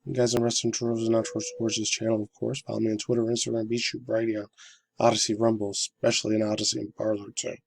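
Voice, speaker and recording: A man in his thirties, hoarse from a sore throat, rambling casually through a vlog as a gaming news host. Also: lowish voice, completely flat delivery, quick pace, rough recording. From United States. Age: 30s. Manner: rambling, fillers, loose slangy talk.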